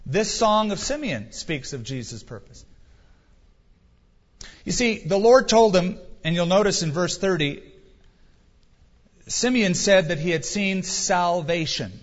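Emphatic preacher guy, slightly high voice, big echoey hall, muffled sound. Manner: emphatic, repetitive rhetorical questions. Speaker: pastor. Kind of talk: sermon. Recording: dull recording with long hall reverb.

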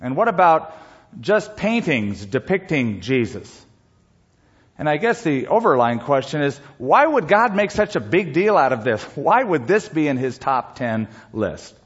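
A man with a slightly higher voice preaches a sermon, reading scripture and telling a story at an unhurried pace with pauses. The recording is dull and lo-fi. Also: very animated, breathy edge. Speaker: pastor.

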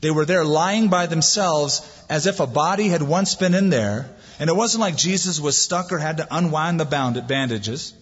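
A man's voice: a little high, normal speed, hardly any pauses, breathy edge. A man preaching a sermon as pastor, building emphasis and reading scripture aloud. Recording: dull lo-fi sound with long hall reverb.

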